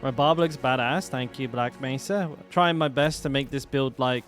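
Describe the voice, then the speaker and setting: A man's voice: medium pitch, normal speed, faint music behind. A man casually commenting while he plays a game on stream, chatting with viewers and swearing now and then.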